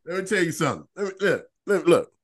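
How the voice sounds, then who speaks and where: Give me a man telling a rowdy story on a podcast, a bit high-pitched. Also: fast talker. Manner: profane, animated storyteller who repeats phrases. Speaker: podcast co-host. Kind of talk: casual storytelling chat.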